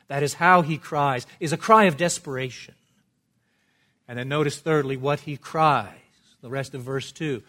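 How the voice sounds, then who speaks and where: A man from Canada preaching a sermon as pastor, with dramatic swings from a hushed, quiet delivery to loud, urgent emphasis. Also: mid-range voice, moderate pace.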